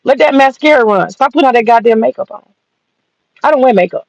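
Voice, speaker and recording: A woman's voice: on the high side, quick pace, no room sound. A woman ranting bluntly and mockingly, profane and sassy. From American South. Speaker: commentator. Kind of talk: profane opinion rant. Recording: dull lo-fi dry sound.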